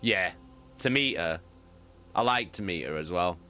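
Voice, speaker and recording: A man with a very low, bright and forceful voice chats casually with his live audience. He is animated, swears freely and often repeats himself. Soft music plays faintly behind him. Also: a little slow. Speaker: audiobook reader and streamer. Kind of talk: casual chat with live viewers.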